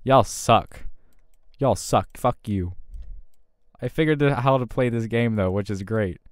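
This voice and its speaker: A young man giving profane gameplay commentary from home on a close desk mic, trash-talking and swinging between mutters and loud outbursts. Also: mid-range voice, a little slow, no room sound. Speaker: gaming channel host.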